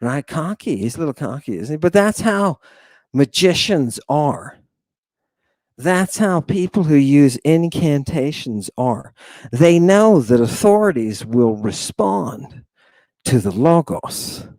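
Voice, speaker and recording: A man's voice: fairly high pitch, expressive, takes it slowly, darkish tone, no echo. A man giving a lecture to his viewers in a theatrical, exclamatory manner, with many sighs and asides. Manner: theatrical, sighing, exclamatory, addresses viewers as "people". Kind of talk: livestream lecture.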